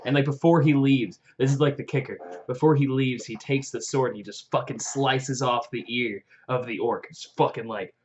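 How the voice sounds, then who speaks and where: A young man excitedly recapping a fantasy novel in a rambling vlog, full of fillers and swearing. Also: medium pitch, normal speed, hardly any pauses, slight background noise. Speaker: vlogger. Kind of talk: casual book recap. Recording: dull lo-fi audio.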